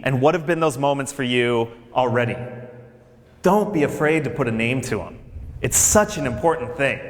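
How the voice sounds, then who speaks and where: In a large hall, a campus minister for faith and justice gives a lively, conversational orientation speech to incoming freshmen, telling stories and addressing them directly. His voice is fairly high, and the echoey hall leaves a long reverb.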